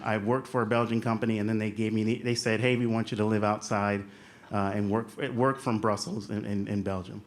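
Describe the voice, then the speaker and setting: A man's voice: lowish voice, slight background noise. A young adult man from the United States with a light Southern American accent, telling a humorous, self-deprecating personal story on stage and acting out the voices he quotes.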